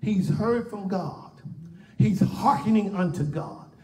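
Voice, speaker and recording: A male pastor delivering an impassioned sermon, repeating phrases and swinging between shouted lines and hushed ones. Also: sits high, slow pace. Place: church sanctuary. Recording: echoey church room, voice picked up from far off.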